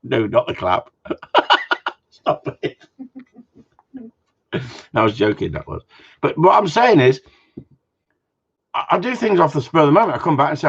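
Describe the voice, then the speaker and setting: Husky, blunt Englishman with a lively voice. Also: on the high side, moderate pace, long pauses, lo-fi sound. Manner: blunt, jokey, swears freely. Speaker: dog trainer hosting a live Q&A. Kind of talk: casual chat answering viewer comments.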